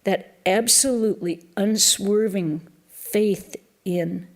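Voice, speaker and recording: A woman, a nun, giving a reflective Easter lecture in a temple, pausing often and restarting her phrases. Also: mid-range voice. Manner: slow and reflective, with pauses and restarts.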